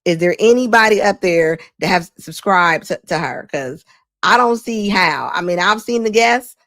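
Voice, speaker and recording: A woman's voice: on the low side, lively intonation, fairly bright tone, dry recording, clean studio sound. A woman hosting a live stream, giving sassy, laughing reaction commentary. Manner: laughing, sassy, rapid asides.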